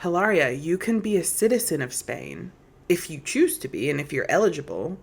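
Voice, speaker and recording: A woman's voice: low-pitched, big pitch swings, moderate pace, vocal fry, husky. A woman hosting a solo commentary podcast, sassy and incredulous, talking straight to her audience. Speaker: podcast host.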